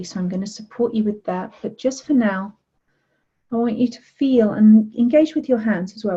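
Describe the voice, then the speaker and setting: A woman leads a guided relaxation in a mellow, dark-toned voice, coaxing and gently insistent as she talks listeners through breathing and touch. The recording sounds a little dull and muffled. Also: medium pitch. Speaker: self-love coach.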